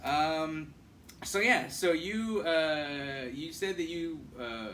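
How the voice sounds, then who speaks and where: A man's voice: fairly high pitch, slow pace, a bit bright. A man co-hosting a podcast, rambling and hesitant, stumbling through restarts. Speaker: podcast co-host. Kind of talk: casual chat. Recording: distant mic with faint noise.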